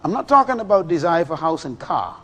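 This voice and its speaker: A middle-aged man preaching a sermon, animated and full of rhetorical questions to his listeners. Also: fairly high pitch, fairly quick.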